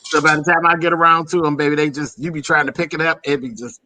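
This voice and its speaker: A chatty man from Pennsylvania with a bright, sharp tone and a slightly high pitch. He talks casually and loosely, tossing in "honey" and "girl" and laughing along the way. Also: fairly even intonation, fast talker. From Pennsylvania, USA. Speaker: host. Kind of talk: casual chat.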